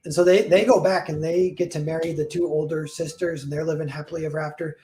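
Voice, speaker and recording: This storyteller's voice is fairly high yet dark in tone, fast and steady. He's casually retelling a fairy tale, rambling along with plenty of "like" and self-corrections.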